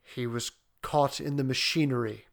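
An uneasy, formal male messenger from a spoken story, read by a male narrator. He talks in a measured, restrained way, pitched a little above the narrator's own voice. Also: lively intonation. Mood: grave. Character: uneasy formal male visitor, middle-aged.

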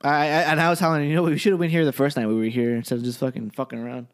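A man's voice: medium pitch, very fast, clear, resonant tone. A man from California telling a story in casual chat, swearing constantly and laughing as he goes. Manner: profane, animated, laughing through his story.

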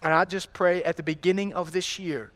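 Man preaching a sermon, slightly high voice. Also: fairly even intonation, a little fast, a bit bright. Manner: storytelling, rhetorical questions, repeats phrases. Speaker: pastor.

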